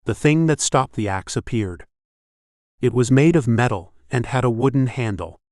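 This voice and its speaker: A man reading an audiobook in scripted narration, steady and measured. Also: mid-range voice, dry recording, studio quality.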